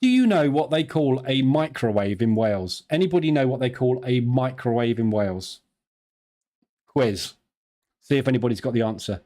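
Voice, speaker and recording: A chatty man with a southern English accent, speaking at an ordinary middle pitch as he hosts a live trading stream. He talks casually to his viewers, answers their questions aloud and laughs easily at his own jokes. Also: lively intonation, moderate pace, mellow. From southern England.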